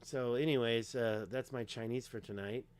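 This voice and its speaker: With a steady, mid-range voice at normal speed, a man runs a casual livestream. He clicks through pages as he talks, emphatic and rambling, filling gaps with lots of fillers.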